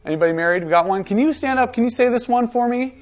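An energetic man leads a high school Bible lesson, urging students to stand and read. His voice sits fairly high, and the recording sounds a little dull. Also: very fast. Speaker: teacher.

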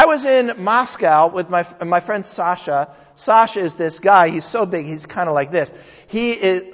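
Older man, pastor, lively high voice, folksy joking sermon, dull sound, echoing church hall. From New England. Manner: folksy, joking, animated preaching. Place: church sanctuary.

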